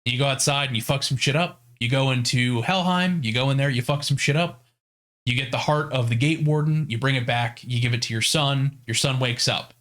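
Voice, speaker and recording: A man's voice: mid-range voice, fairly quick, fairly bright tone. Casual, profane storytelling man. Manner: profane, storytelling with acted-out quotes. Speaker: podcast co-host. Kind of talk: casual chat retelling a game story.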